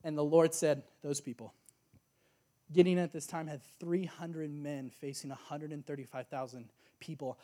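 A man preaching a sermon, telling a story in a lively, casual way with slang and excited exclamations. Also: fairly high pitch, normal speed.

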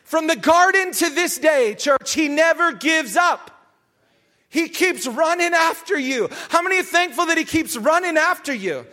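A male preacher with a strikingly high voice delivers a sermon. His tone is bright and forceful. He hammers his points home by repeating phrases and now and then lifts into a shout. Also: animated, normal speed.

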